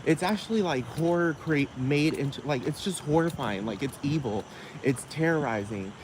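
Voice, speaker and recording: A high-voiced podcast host rants in a casual, rambling monologue outdoors beside a busy road. He swears freely, says "like" every few words, and talks at normal speed with lively intonation. Loud traffic noise from passing cars fills the background.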